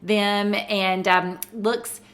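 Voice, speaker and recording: Bright-voiced Southern woman, chatty. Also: mid-range voice, steady tone, extremely slow. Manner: chatty, rambling, many "like" fillers. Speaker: podcast co-host. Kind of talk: casual chat.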